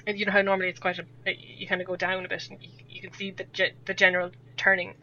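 Podcast guest: woman with a West of Ireland accent, chatty and rambling, bright tone, dull lo-fi sound with faint hum. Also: mid-range voice, monotone, fast. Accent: West of Ireland, Sligo. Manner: chatty, rambling, laughs often. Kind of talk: casual podcast chat.

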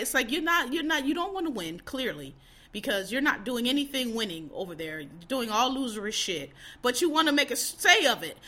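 A woman host ranting in a casual, profane, exasperated way, swinging between loud outbursts and low muttering. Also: very animated, fairly quick. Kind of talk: casual opinion rant.

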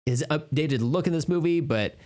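A man's voice: fairly high pitch, normal speed. Laid-back man chatting about horror films. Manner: relaxed, rambling, lots of fillers, playful asides. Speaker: podcast co-host. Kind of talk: casual chat about horror movies.

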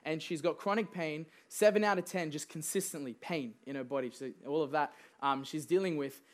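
A young man preaching a sermon, telling stories in a relaxed, chatty way with fillers and frequent laughter. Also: on the high side, fairly quick.

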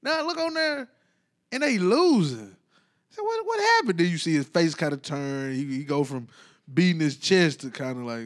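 Man, slightly high-pitched, rambling casual sports talk, animated and colloquial. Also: normal speed. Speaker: basketball commentator.

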